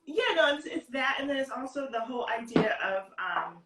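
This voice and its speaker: A woman's voice: sits high, big pitch swings, moderate pace, reverberant, recorded from a distance, over music, poor audio. A woman giving a casual cooking demonstration over a video call from her home kitchen, explaining tips step by step in a chatty way. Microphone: video call, stepping back from the device.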